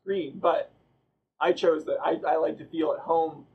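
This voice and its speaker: Co-host, man, husky and a little high, wry and quick to laugh. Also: steady tone, dull audio. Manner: laughs often, wry asides. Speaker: podcast co-host. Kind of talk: casual chat.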